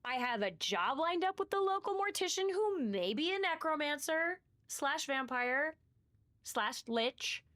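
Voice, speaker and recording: A woman's voice: sits high, lively intonation, unhurried, a bit bright. A young woman streaming a game, chatting playfully and rambling with lots of fillers. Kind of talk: casual gameplay commentary.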